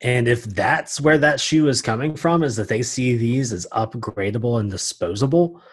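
A man co-hosting a casual podcast, his voice a little husky. He talks with a dry, sarcastic edge, at a middle pitch. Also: moderate pace. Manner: wry and sarcastic. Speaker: podcast co-host.

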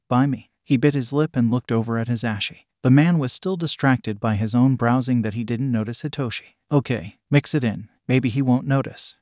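A man narrating a story in an even, steady reading voice that speaks ellipses aloud as words. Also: mid-range voice, no room sound, clean studio sound.

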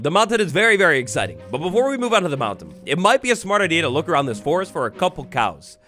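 A young man with a high, very lively voice narrates his gameplay in quick bursts of excitement and theatrical mock outrage. He talks close to the mic, with faint music playing behind him. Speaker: gaming YouTuber. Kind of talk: Minecraft let's play commentary.

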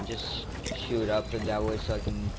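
A man hosting his own gaming channel, giving live gameplay commentary that swings between muttering to himself and panicked yelling. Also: on the low side, monotone, moderate pace, background noise.

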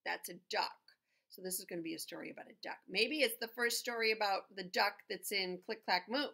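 A woman's voice: mid-range voice, brisk, vocal fry, sharp tone. A woman reading a picture book aloud, breaking off into chatty asides and acting out the animal sounds. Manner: chatty asides to the listener between pages. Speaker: storybook reader.

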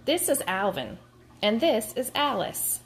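A woman teacher reading a picture book aloud to her class, in a slow, expressive storytelling way. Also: on the high side, a little hiss or hum.

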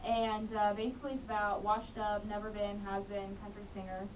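A woman's voice: mid-range voice, flat delivery, fairly quick, slight background noise. A young woman, an actress and business manager, chatting in a radio interview and laughing easily. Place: radio studio. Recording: distant, muffled radio studio audio.

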